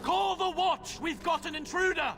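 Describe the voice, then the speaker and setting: An actor voicing a suspicious castle guard in a video game, calling out an intruder. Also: male voice, extremely high pitch, normal speed. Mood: alarmed. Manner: alarmed, barking. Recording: game audio from far off, music.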